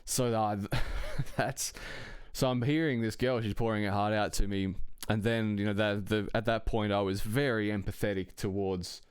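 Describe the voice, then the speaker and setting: Casting: man, low and smooth voice, loose profane storyteller, dry close sound. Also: fairly even intonation, normal speed, hardly any pauses, no room sound. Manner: rambling, profane, chuckling between phrases. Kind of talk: casual anecdote telling.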